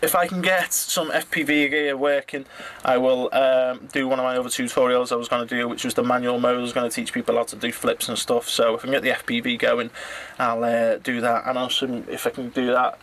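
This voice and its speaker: A middle-aged man from England thanking his online community, halting with many fillers and stumbling over names. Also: medium pitch, flat delivery, fairly bright tone, a little hiss or hum. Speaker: drone hobbyist vlogger. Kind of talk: casual thank-you message to viewers.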